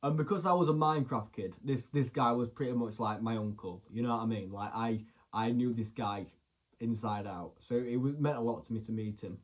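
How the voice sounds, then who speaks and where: A young man chats to camera as a vlogger, telling loose, rambling anecdotes. His voice sits at an ordinary middle pitch, and he strings his stories together with easygoing fillers. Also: brisk. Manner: chatty, rambling, lots of "so anyway" and "like". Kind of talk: casual storytelling to camera.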